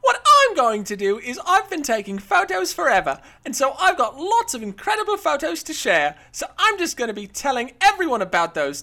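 A man's voice: very high-pitched, bright, forceful tone, pitched above the performer's own voice, heavily acted. A man on a podcast doing a comic impression of a gushing, flamboyant older woman performer with a put-on Cockney-style accent. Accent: put-on Cockney-style English.

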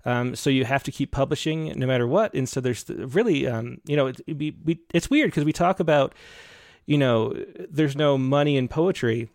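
A man's voice: mid-range voice, normal speed, darkish tone, dry recording, studio quality. A man hosting an interview, speaking thoughtfully and searching for words. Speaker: podcast host. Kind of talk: conversational interview.

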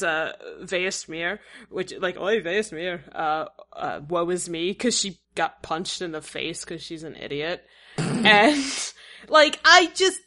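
Rambling, excitable young woman. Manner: enthusiastic, rambling, quick laughs, pitch jumps when quoting. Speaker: podcast co-host. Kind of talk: casual chat.

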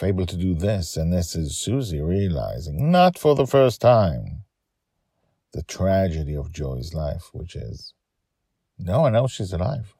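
Deep gravelly male storyteller. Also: no echo, studio quality. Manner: calm, measured storytelling with short phrases. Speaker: storyteller and podcast host. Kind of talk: scripted story narration.

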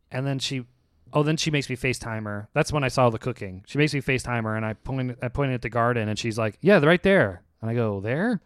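A young man hosting a podcast, telling a story in a casual, animated way and acting out the dialogue with frequent laughs. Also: medium pitch, smooth, no echo, clean studio sound. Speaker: podcast host.

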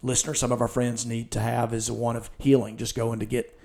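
Man, church podcast host, earnest, gravelly low-fry voice, storytelling delivery. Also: level tone, brisk, a little mellow. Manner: earnest, retells scenes with quoted lines.

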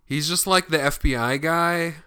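Man, podcast co-host, casual rambling chat, bright tone, smooth clear voice. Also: fairly high pitch. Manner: rambling, acts out characters' lines in quick asides. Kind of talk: casual chat recapping a movie.

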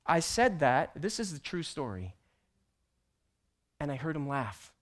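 A man teaching a church group, telling a personal story with animated delivery that builds to loud, emphatic peaks. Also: a little high, unhurried. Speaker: church teacher presenting slides.

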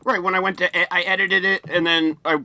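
A man's voice: sits high, little pitch movement, fast talker, sharp tone, a little hiss or hum. A man co-hosting a podcast in casual chat, rambling and correcting himself as he goes. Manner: rambling, restarts and self-corrections. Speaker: podcast co-host.

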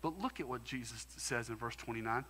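Bright-voiced pastor, echoing hall. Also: male voice, mid-range voice, fairly quick, a little hiss or hum. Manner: emphatic, conversational preaching. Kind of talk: sermon. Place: church sanctuary.

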